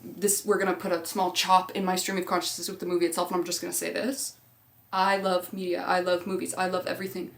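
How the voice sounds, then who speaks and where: A woman's voice: fairly low pitch, level tone, fast, creaky. Chatty rambling young woman vlogger. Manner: chatty, rambling, swears freely. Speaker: movie rewatch vlogger. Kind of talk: casual chat.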